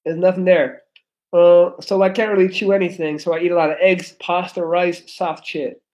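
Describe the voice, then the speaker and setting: A man's voice: sits high, little pitch movement, moderate pace, darkish tone, poor audio. A young man with a non-native English accent, reading chat on a casual livestream, blunt, profane and joking. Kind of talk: casual live-stream chat.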